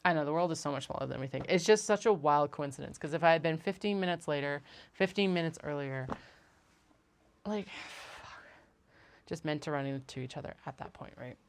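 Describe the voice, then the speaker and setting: Chatty low-voiced woman with gravelly fry. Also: fast talker. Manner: chatty, rambling, laughs often. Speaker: craft business owner. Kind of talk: casual livestream chat.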